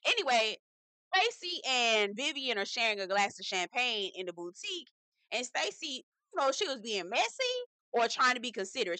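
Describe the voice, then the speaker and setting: Woman recap host, sassy gossip delivery, slightly high bright voice, dry close sound. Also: very animated, normal speed, no echo. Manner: sassy, profane, chatty with lots of "girl" asides. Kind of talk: casual gossipy commentary.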